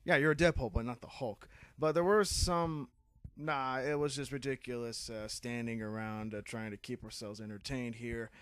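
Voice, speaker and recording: A young man co-hosting a podcast in casual chat, relaxed and agreeable, swearing now and then. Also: medium pitch, normal speed, clear, resonant tone, no echo. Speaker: podcast co-host.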